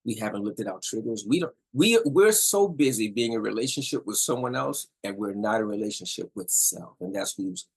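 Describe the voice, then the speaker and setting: A man's voice: mid-range voice, very animated, brisk, gravelly, hardly any pauses, husky, rough recording. A middle-aged man giving a casual talk on relationship communication, emphatic and repetitive, often checking in with "all right?". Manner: emphatic, repeats points, asks "all right?". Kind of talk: casual instructional talk to viewers.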